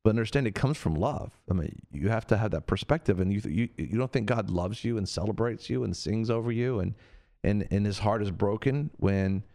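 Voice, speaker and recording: Guy preaching kinda casual, lowish voice, earnest, repeats himself a lot. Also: brisk, dark tone. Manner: earnest, repetitive, acts out quoted voices. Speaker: preacher on a radio show. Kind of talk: conversational preaching.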